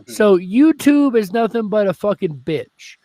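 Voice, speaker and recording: A man's voice: high-pitched, lively intonation, unhurried, warm tone. A man who hosts a radio show, guesting on a casual live-stream chat, blunt and profane as he rants.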